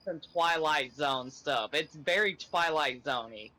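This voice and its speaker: A man co-hosting a casual gaming chat, chiming in with laid-back, drawn-out remarks. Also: fairly high pitch, rough recording. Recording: clear crowd noise behind. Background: crowd noise.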